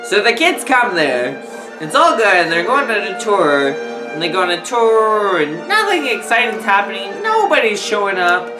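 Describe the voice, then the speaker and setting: A drunk man hosting a rambling comedic movie recap, slipping into squeaky impressions. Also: big pitch swings, normal speed, music in the background, rough recording. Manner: slurring, rambling, bursts into shrill squeaky impressions. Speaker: host.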